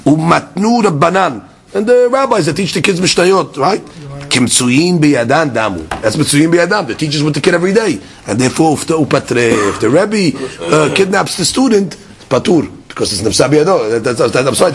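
A man teaching a Talmud class, explaining passages with lively emphasis, mixing Hebrew-Aramaic terms into English and repeating words as he works through the argument. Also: on the high side, normal speed, gravelly.

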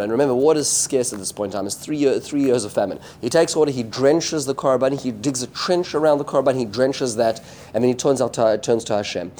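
A man giving an informal Bible lesson, retelling the story with lively commentary, often restarting his sentences and mixing in Hebrew verses. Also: medium pitch, fairly quick. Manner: animated storytelling with frequent restarts; mixes Hebrew terms and verses into English. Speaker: Bible teacher.

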